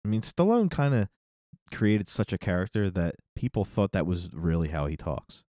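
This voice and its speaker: A man's voice: sits low, sing-song, moderate pace, dark tone, dry recording, studio quality. A middle-aged man co-hosting a podcast in casual chat, rambling and correcting himself, often laughing. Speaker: podcast co-host.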